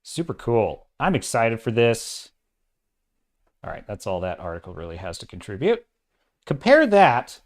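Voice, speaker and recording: Animated, exasperated male commentary host. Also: fairly low pitch, a little slow, pauses often. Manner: opinionated, exasperated, talks in bursts with restarts. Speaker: host of a sci-fi and fantasy commentary channel. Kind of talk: casual ranting commentary livestream.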